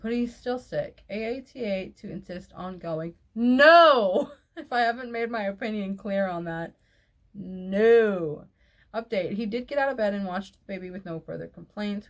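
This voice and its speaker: A woman's voice: mid-range voice, vocal fry, a little mellow. A woman hosting a video, reading posts aloud and breaking in with outspoken, exasperated commentary. She swears freely and laughs often between remarks. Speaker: online video host reading reader posts.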